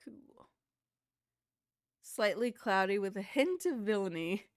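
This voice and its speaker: A woman's voice: mid-range voice, lively intonation, takes it slowly, dry recording, clean studio sound. A woman chatting casually with her viewers on a live stream, rambling from one thing to the next.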